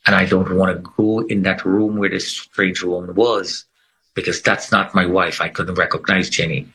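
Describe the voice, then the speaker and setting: A man's voice: deep voice, level tone, moderate pace, pushed and bright, poor audio. A middle-aged man telling his life story in conversation, earnest and emphatic, repeating phrases for weight. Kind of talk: personal testimony in conversation.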